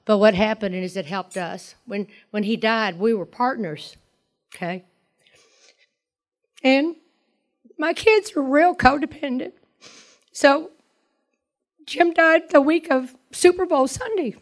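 A woman with a Southern US accent sharing her personal story at a recovery meeting, in a lively, rambling storytelling way. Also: high voice, takes it slowly, long pauses. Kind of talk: personal testimony to a group.

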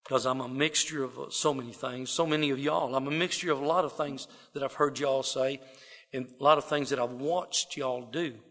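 A man's voice: mid-range voice, fairly even intonation, moderate pace, a bit bright. A middle-aged man from South Texas with a Texas drawl, telling a folksy, self-deprecating personal story to a live audience. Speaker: speaker sharing his recovery story. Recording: long hall reverb.

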